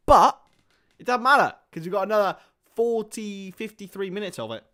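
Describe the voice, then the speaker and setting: A man's voice: sits high, normal speed. Chatty young man commentating football. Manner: chatty, rambling asides between play-by-play, rises excitedly on chances. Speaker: watchalong host and commentator. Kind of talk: live football watchalong commentary.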